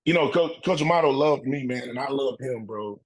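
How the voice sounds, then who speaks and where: A middle-aged man and former football player, telling animated stories in a casual interview, acting out his coaches' voices and laughing often. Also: medium pitch, a little fast, slightly rough, rough recording.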